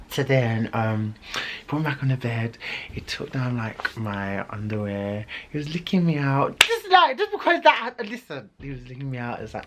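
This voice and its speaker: A young man telling a storytime story in a dramatic, animated way. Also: medium pitch, moderate pace, background noise. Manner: animated, dramatic, shrieks and laughs. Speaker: vlogger. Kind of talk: storytime vlog.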